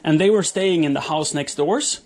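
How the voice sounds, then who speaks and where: Chatty higher-voiced male streamer. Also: moderate pace, darkish tone. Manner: chatty, rambling, reads chat aloud, frequent restarts and laughs. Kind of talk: casual live-stream chat while doing chores.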